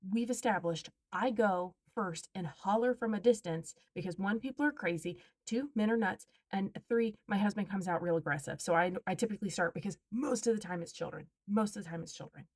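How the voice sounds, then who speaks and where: This is a woman vlogging a storytime rant straight to her audience. She talks loudly and emphatically, sounding exasperated, and her voice sits in an ordinary middle pitch. She leans hard on the points she wants to land. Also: brisk, few pauses.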